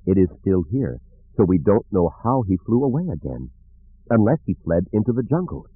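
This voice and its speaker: A man voicing a grave, hesitant female Calamarian Jedi trainee in an audiobook, with a thin, husky voice and a slow, solemn manner. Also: on the low side, very animated, dry recording. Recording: narrow phone-like audiobook recording.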